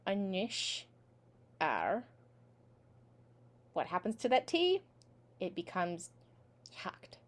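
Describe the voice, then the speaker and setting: Woman, singing teacher, slow deliberate delivery, sounds out words syllable by syllable for a class. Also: mid-range voice. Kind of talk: online language and singing lesson. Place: home online class over video call.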